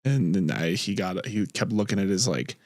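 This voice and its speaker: A man's voice: deep voice, expressive, moderate pace, a little mellow, dry recording, studio quality. A man hosting a podcast, chatting casually and laughing easily, then reading his own short story aloud. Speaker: podcast host.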